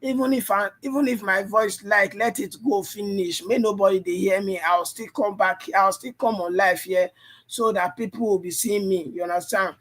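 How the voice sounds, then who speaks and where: A man's voice: sits high, steady tone, normal speed, a bit bright. A man coaching a live trading stream, his voice strained and tired, repeating phrases and constantly checking "you understand?". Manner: repetitive, keeps asking "you understand?". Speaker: trading livestream host. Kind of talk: live chart analysis and coaching.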